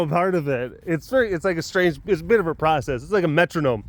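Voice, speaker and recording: A man's voice: a little high, animated, fast talker, no echo. A man vlogging outdoors at a wild animal facility, rambling and joking with many restarts. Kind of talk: casual rambling vlog commentary.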